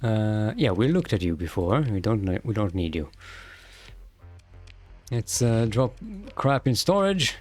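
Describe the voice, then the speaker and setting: A man's voice: fairly low pitch, big pitch swings, a little slow, long pauses, darkish tone, faint music behind. A man streaming a game and commenting casually, rambling and joking and laughing often.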